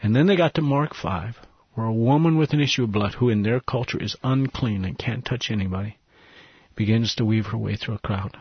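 Low, husky man telling an earnest story. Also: fairly quick, no room sound, muffled recording. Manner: earnest, drops to a hushed, breathy voice at tender moments. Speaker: missionary guest. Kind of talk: emotional storytelling testimony.

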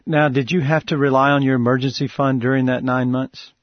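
A man's voice: medium pitch, level tone, fairly quick, no echo. A man hosts a faith radio interview, asking earnest and encouraging questions. His voice sounds slightly dull and lo-fi. The sound is dry. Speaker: radio host.

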